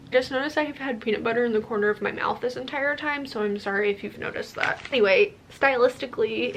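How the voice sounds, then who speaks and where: A young adult woman chatting casually as a book vlogger, answering questions and unboxing books, gushing with quick asides. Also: mid-range voice, vocal fry, a bit bright, slight background noise.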